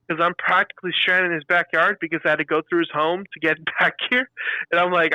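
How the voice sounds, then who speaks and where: Bright-voiced man telling work stories. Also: fairly high pitch, fast, no room sound, low-quality recording. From California. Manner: animated storyteller, acts out customer quotes. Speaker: podcast co-host. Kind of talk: casual chat.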